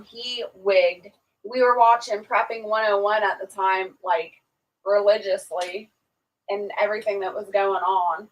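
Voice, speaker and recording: A woman's voice: far from the mic, poor audio. A woman hosting a livestream, casually telling a long story and acting out what people said. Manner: animated, acts out quotes with raised pitch.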